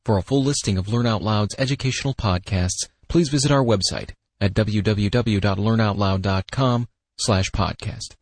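Lowish, husky male announcer, formal promo read, dry recording. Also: moderate pace, no room sound. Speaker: podcast announcer. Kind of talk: scripted announcement.

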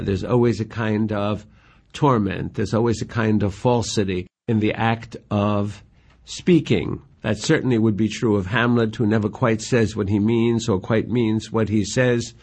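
Man lecturing on poetry, super slow and deliberate, admiring tone. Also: fairly low pitch, darkish tone. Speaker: literature lecturer.

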